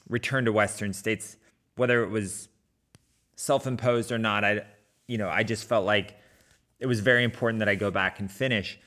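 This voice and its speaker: A man's voice: fairly low pitch, a bit bright, smooth. A middle-aged man casually telling a personal running story, talking with many fillers and restarts. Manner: conversational with frequent fillers and restarts.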